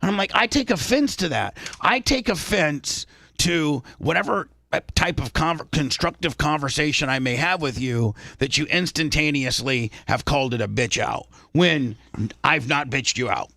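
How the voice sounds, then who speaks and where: Bright-voiced male radio host lecturing. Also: on the high side, lively intonation, moderate pace, gravelly, no room sound, clean studio sound. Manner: defensive, lecturing, repetitive restarts. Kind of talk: on-air argument with a co-host.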